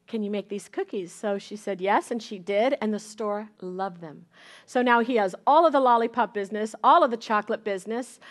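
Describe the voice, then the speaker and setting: A middle-aged woman pastor preaching, her voice a touch high for a woman. She tells a family testimony with lively, chatty storytelling, repeating words and restarting phrases as she goes. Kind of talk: sermon.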